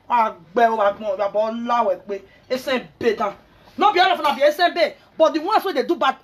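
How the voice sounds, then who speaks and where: Angry woman ranting, husky voice. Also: fairly high pitch, fairly bright tone, poor audio. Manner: angry, scolding, mixing pidgin and local language. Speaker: social media commentator. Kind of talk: angry rant to followers.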